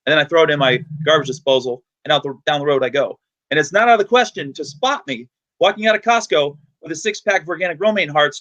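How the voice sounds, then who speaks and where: A man from the United States hosts a podcast, chatty and full of energy. He talks very fast, in a somewhat high voice. He tells stories freely and loosely. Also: a bit bright. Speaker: podcast host. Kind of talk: casual podcast chat.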